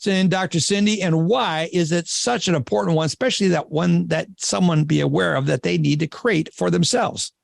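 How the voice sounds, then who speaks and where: A man's voice: high-pitched, normal speed, vocal fry, hardly any pauses, no echo, clean studio sound. A man from Minnesota hosting a podcast interview, chatty and enthusiastic. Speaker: podcast host. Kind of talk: casual interview chat.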